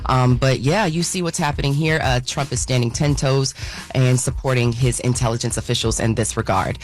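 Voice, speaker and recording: A man's voice: medium pitch, steady tone, brisk, soft background music. A man co-hosting a morning radio show, reading the news in a loose way with lots of fillers.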